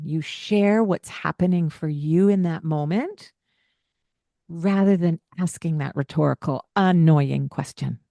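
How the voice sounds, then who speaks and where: Slow-talking mom coach lady, lower voice, chill and chatty, laughs a lot. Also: vocal fry, no room sound, clean studio sound. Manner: calm, explanatory, laughs often, acts out kids' voices. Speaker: podcast host, parenting coach. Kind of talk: casual podcast advice.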